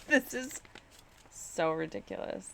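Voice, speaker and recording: Exasperated, self-mocking woman with a gravelly edge. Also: mid-range voice, very animated, takes it slowly, background noise. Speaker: crafter streaming live. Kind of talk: casual live-stream chatter while crafting. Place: home craft studio.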